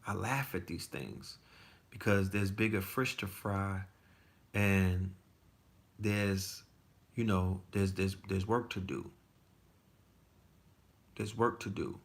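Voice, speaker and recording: Forties guy, low gravelly voice, bright edge, rambling and cussing with lots of restarts. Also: takes it slowly, long pauses. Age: 40s. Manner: loose, profane storytelling with many restarts. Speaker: podcast guest. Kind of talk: casual chat. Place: Texas.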